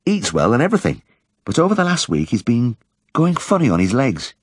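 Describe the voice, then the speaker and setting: A man's voice: medium pitch, wildly swooping pitch, a little fast, breathy edge, dry recording, clean studio sound, voice pushed up. A man putting on a cheerful village wife. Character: shy cheerful middle-aged village woman.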